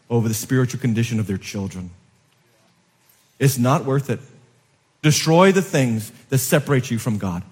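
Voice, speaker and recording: A male pastor preaching a sermon to his congregation, rising to loud emphatic peaks and dropping to soft, low asides, often asking the room questions. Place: church sanctuary. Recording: long hall reverb.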